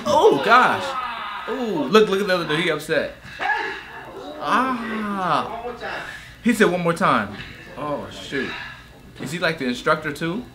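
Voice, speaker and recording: A young man hosting a sports reaction channel, talking casually in slang and ending phrases with "man", bursting into loud exclamations and laughter as he watches. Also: on the high side, big pitch swings, takes it slowly, long pauses.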